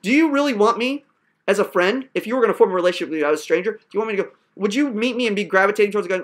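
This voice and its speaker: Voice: mid-range voice, rapid-fire. A professor berating a student in a profane, sarcastic classroom rant.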